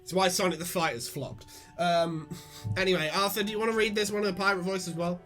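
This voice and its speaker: An excitable, sweary man hosting a casual podcast and reading aloud. His voice is bright and fairly high, and it keeps tumbling into restarts. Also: fast talker, faint music behind. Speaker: podcast host and reader.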